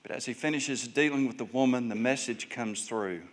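A male pastor delivers a sermon at normal speed, narrating Bible stories and voicing their characters with wide shifts in pitch and volume.

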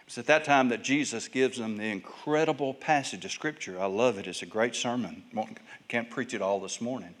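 Speaking at an ordinary pace, a man preaching from the pulpit tells Bible stories, acting out each figure with dramatic rises and drops in pitch and loudness.

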